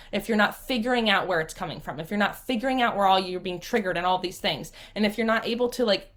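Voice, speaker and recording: A woman's voice: medium pitch, a bit bright. A woman pours out her feelings to her viewers in a raw, unscripted vlog. She rambles and swears freely, and her voice sounds close to tears. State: near tears. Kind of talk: emotional live vlog to viewers.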